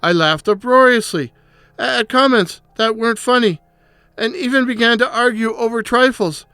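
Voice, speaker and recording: A storyteller reading a first-person horror tale in a slow, brooding, theatrical way. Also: mid-range voice, pushed and bright, smooth, no echo.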